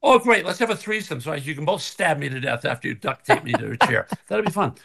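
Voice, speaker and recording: An older man, a guest on a video call from his kitchen, telling an animated story and acting out both sides of the conversation. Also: a little high, quick pace, creaky, a little hiss or hum. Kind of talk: casual storytelling. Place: kitchen at home.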